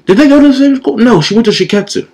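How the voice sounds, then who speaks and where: A young man giving casual, excitable reactions while reading a manga chapter, swearing often and calling people dude. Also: extremely high pitch, fast talker, husky. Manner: profane, excitable, says dude a lot.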